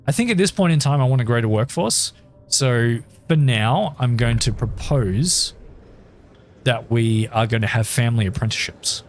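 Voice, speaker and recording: A man's voice: mid-range voice, lively intonation, moderate pace, a little hiss or hum. An Australian man casually commentating his gameplay, thinking aloud with lots of ums and chatting to his viewers as he goes. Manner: talks to chat, thinks aloud with many ums. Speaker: gaming YouTuber.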